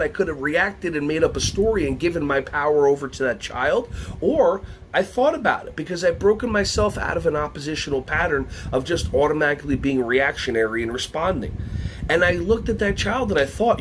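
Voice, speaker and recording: A man from the United States leading a lively workshop for early childhood educators, playful and energetic. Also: fairly high pitch, a little fast, slight background noise. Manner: animated, playful, breaks into songs and silly voices.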